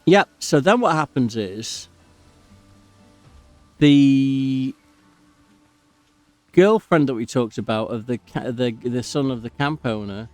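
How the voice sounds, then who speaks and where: A man's voice: medium pitch, lively intonation, slow, pauses often, a little mellow, no echo. Man, casual gameplay commentary, rambling, digressive, dry sound, faint background music. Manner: rambling, digressive, easily sidetracked. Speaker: gaming channel host. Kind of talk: casual commentary while playing a game.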